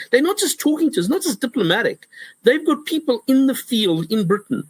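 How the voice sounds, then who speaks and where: Professor guy in an interview, high husky voice, really animated, keeps restarting, dry close mic. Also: fairly quick, dry recording, rough recording. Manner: animated, repetitive restarts, acts out quotes. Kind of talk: conversational interview.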